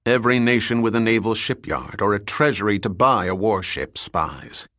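A commanding, grandiose naval captain, as a man reads him in an audiobook, pressing each point with building emphasis. His voice sits fairly low and sounds close and dry. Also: normal speed, sharp tone, no echo. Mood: fervent.

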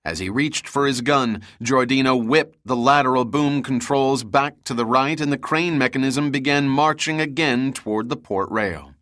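A man reading an action novel aloud as an audiobook narrator, with steady dramatic storytelling. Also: medium pitch, normal speed, hardly any pauses, no room sound, clean studio sound.

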